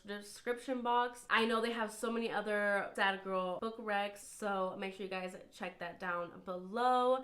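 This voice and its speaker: A woman's voice: mid-range voice, a bit bright. A woman hosting a casual book recommendation vlog from home, chatty and gushing, with lots of "like" fillers. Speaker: book vlogger. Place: indoors at home, under a filming light.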